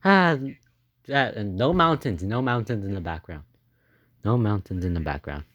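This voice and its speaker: A man giving casual reaction commentary on his own old animation, excitable and rambling, often laughing and gasping between thoughts. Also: lowish voice, moderate pace, dry recording, dull audio. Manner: excitable and rambling, with many fillers, laughs and gasps.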